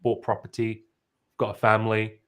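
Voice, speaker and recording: A man's voice: fairly low pitch, monotone, normal speed, a bit bright, clear, resonant tone. British guy in his twenties, bit of an aussie twang, casual chat, laughs a lot. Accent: British with an Australian twang. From United Kingdom. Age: 20s. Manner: chatty, laughing, many restarts. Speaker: guest.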